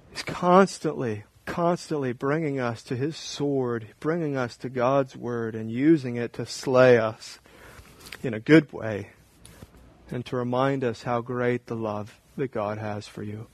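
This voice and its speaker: A man in his thirties preaching a sermon, swinging from hushed, intimate talk to raised, emphatic repetition. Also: medium pitch, unhurried, no room sound, low-quality recording. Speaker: pastor.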